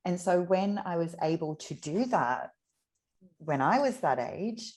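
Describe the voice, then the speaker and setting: A woman, reflecting candidly in an interview, often pausing and restarting her sentences. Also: fairly low pitch, very animated, darkish tone. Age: 30s. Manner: reflective, halting, with many restarts.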